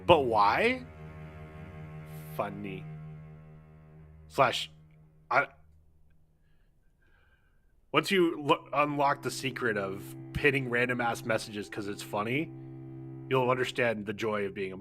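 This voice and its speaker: A man's voice: medium pitch, slow pace, pauses often, sharp tone, soft background music. A man streaming a video game, making irreverent jokes and swearing freely in casual commentary. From United States.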